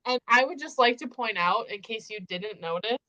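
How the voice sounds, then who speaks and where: A woman's voice: a little high, animated, normal speed, pushed and bright, lo-fi sound. A young woman hosting a casual book chat livestream, gushing and emphatic as she talks through the story. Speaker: host.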